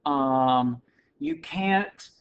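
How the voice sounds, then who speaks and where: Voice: medium pitch, extremely slow, a little hiss or hum, pitched below the performer's own voice. A lecturer briefly voicing complaining, struggling merchants pleading in a lecture, in a dull lo-fi recording.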